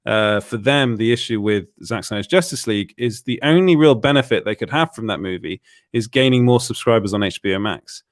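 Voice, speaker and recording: A man's voice: lowish voice, animated, brisk, no room sound, clean studio sound. A man hosting a casual live-stream chat, often repeating words as he restarts his sentences. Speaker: show host.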